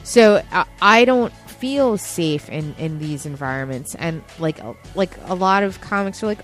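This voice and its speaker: A woman comedian in casual panel talk, animated and full of quick restarts. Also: lowish voice, faint music behind.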